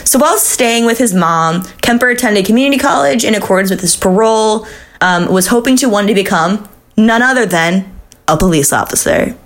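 A woman's voice: mid-range voice, animated, brisk. Chatty woman co-hosting a podcast. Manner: swearing, laughing, chatty with fillers. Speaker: podcast co-host. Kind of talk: casual true-crime chat.

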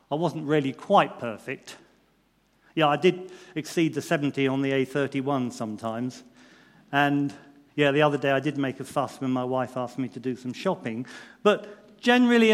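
A man's voice: a little high, moderate pace. Man telling a story in an echoing hall. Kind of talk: first-person allegorical story reading. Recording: long reverb in a large hall.

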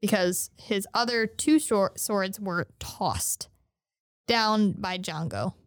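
A woman's voice: mid-range voice, slow, clear, resonant tone. A woman co-hosting a podcast in casual chat, swearing freely as she retells a story. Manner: profane, animated retelling with quoted voices. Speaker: podcast co-host.

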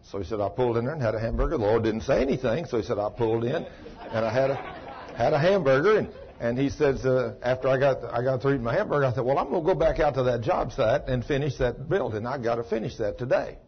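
A man's voice: medium pitch, lively intonation, fast talker, slight background noise. A man, a pastor preaching a sermon in a folksy way, exclaiming and acting out the dialogue of a story he retells. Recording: muffled lo-fi sermon tape.

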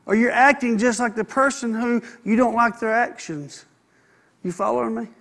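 A man's voice: very high voice, moderate pace, vocal fry, a bit bright. A man preaching a sermon in a folksy, conversational way, with asides to the congregation. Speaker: pastor.

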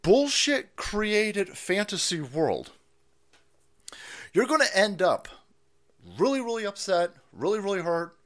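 A man hosting a livestream, ranting with heavy profanity and mockery, swinging from loud outbursts to low mutters. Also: very animated, slow pace, long pauses. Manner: profane, mocking, swings between shouting and muttering, laughs often. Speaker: livestream host. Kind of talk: ranting live commentary.

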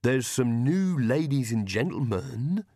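A man's voice: medium pitch, lively intonation, slow, mellow, dry recording, studio quality. Dim, timid old falconer, plodding speech, as a male reader plays him. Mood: vague.

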